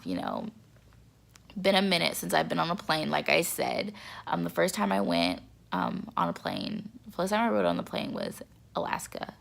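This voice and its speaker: A young woman vlogging in a casual chat to camera, excitable and repetitive, with a stuffy nose. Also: fairly low pitch, creaky. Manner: chatty, excitable, repeats words for emphasis.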